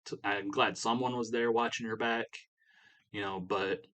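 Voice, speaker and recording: A man's voice: lowish voice, steady tone, normal speed, a bit bright, natural voice, low-quality recording. A man voicing an earnest male wrestler who apologizes and pleads, in his own filler-heavy way.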